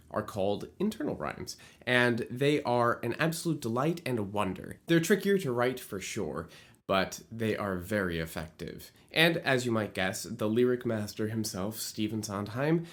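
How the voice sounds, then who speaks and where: A man giving a scripted online lesson on musical theatre writing, in a playful and expressive way. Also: medium pitch.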